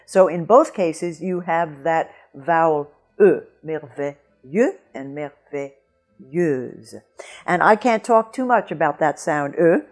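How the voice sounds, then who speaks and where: A woman teaching French pronunciation in a video lesson, clear and deliberate, slowing down to model each sound. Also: sits low, a little mellow.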